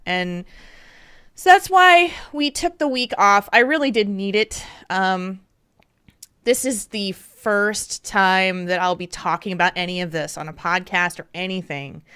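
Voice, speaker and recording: A woman with a bright, clear voice hosting a casual podcast chat. She talks openly and candidly, laughing often. Her voice sounds close and dry on a home mic. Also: mid-range voice, unhurried, no echo. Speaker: podcast host.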